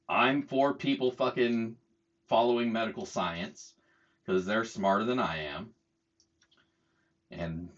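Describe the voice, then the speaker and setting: A middle-aged man telling a story as a heated casual rant, swearing freely and mocking other people's words. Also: medium pitch. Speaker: channel host. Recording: dull lo-fi sound.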